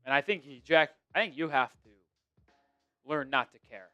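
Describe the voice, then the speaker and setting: A man's voice: a little high, moderate pace, sharp tone, dull audio, faint music behind. A man hosting a sports live stream, reacting chattily to plays, bets and fantasy scores. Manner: chatty play-by-play reactions, betting and fantasy talk. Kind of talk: casual live-stream commentary.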